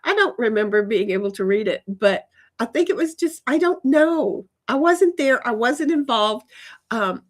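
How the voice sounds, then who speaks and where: A woman's voice: fairly high pitch, expressive, normal speed. A woman chatting on a live stream from her backyard, reading out her chat and rambling with lots of restarts and casual swearing. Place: backyard outdoors.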